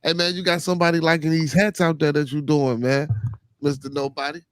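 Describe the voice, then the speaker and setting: A man's voice: fairly high pitch, level tone, a little fast, a bit bright, no room sound. A man hosting a casual livestream podcast, greeting viewers and rambling loosely with repeated phrases. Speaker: podcast host.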